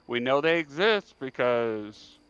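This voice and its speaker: A man's voice: medium pitch, lively intonation, slow, a bit bright, smooth, highs cut off. A man playing in a tabletop role-playing game online, thinking aloud and laying out plans persuasively. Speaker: player. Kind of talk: tabletop role-play discussion.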